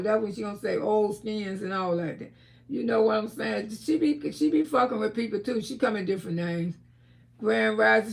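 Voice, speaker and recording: Gravelly woman ranting on a live stream. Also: fairly high pitch. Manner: loud, laughing, trash-talking. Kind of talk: casual live-stream commentary.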